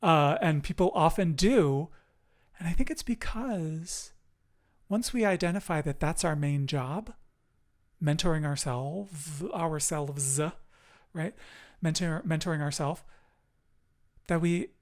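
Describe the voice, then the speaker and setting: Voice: medium pitch, slow. A podcast host speaking in an affirming, encouraging and emotive way during a casual chat.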